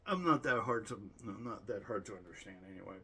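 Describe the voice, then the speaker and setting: Husky rambling Boston man. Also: fairly low pitch, expressive, fast, bright, forceful tone. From Boston, United States. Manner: rambling, self-correcting, joking. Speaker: channel host. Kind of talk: casual year-end stats review.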